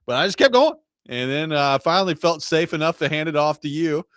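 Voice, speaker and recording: A man's voice: a little high, animated, a little fast, a bit bright, smooth, no echo. Teasing man on sports radio. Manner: teasing, dry banter. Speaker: radio co-host. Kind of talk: casual sports radio chat.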